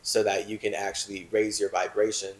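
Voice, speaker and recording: A man hosting a talk show who reads a text aloud and comments on it, switching between solemn reading and animated asides full of "like". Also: fairly low pitch, a little fast, echoey room, rough recording. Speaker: host.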